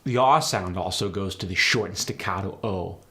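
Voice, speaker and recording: A man hosting a tutorial as an accent coach, explaining sounds in a brisk, direct way. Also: sits low, pushed and bright. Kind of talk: instructional tutorial.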